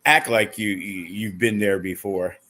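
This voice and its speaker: A man's voice: fairly low pitch, fairly even intonation, a little slow, sharp tone. A man who promotes wrestling shows, chatting casually in a blunt, profane, rambling way with lots of fillers. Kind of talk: casual podcast chat.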